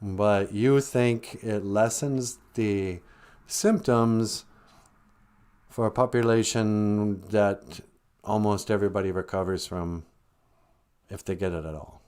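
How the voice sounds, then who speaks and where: A man's voice: on the low side, fairly even intonation, takes it slowly, pauses often, darkish tone, clear, resonant tone. A man hosting a comedy podcast, talking in a dry, sarcastic way. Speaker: podcast host.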